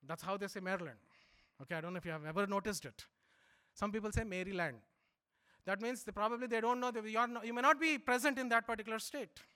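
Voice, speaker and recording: A middle-aged Indian man preaches a sermon, swinging between loud, emphatic lines and low, quiet asides.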